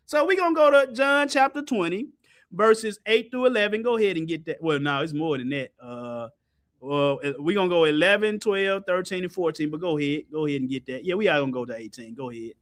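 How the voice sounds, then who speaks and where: A man teaching Bible study in an animated, colloquial way, speaking on a video call. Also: fairly quick. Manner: lively, colloquial, jumps high in pitch for emphasis, laughs often.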